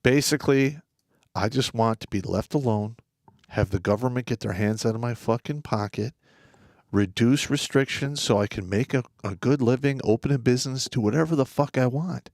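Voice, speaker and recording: A man's voice: mid-range voice, normal speed, darkish tone, no room sound. Male co-host, casual opinionated chat, swears, stammers into restarts, dry close mic. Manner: blunt, profane, stammering restarts. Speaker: livestream co-host.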